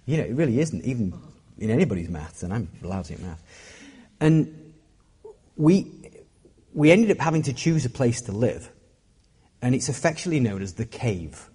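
Middle-aged man, pastor preaching, lively swooping pitch, mellow dark tone, self-deprecating humor, long hall reverb. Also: normal speed, long pauses, slightly rough. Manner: self-deprecating, joking, animated delivery. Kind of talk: sermon.

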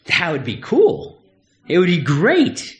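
A man's voice: high voice, huge pitch swings, takes it slowly, roomy sound. A middle-aged man, a pastor, preaching a sermon in a candid, conversational way and telling personal stories.

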